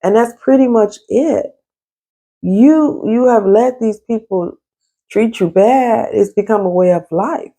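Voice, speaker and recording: A woman's voice: fairly high pitch, takes it slowly, mellow. A woman who works as a therapist and life coach, talking straight to her viewers at home in a stern, emphatic way. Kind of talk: casual advice vlog. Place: at home in an apartment.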